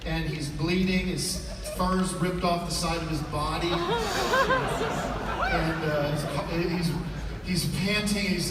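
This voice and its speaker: A man doing a rambling, deadpan stand-up routine that breaks into sudden yelling, recorded live in a comedy club. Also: on the high side. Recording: echoey live room, mic from far off, loud crowd noise. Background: loud laughing crowd.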